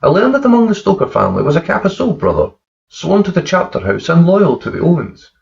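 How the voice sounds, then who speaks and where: A man narrating a dark crime story in a steady, plain manner. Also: fairly high pitch, quick pace, creaky, far from the mic. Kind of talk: dark crime fiction reading. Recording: slightly dull recording with faint guitar.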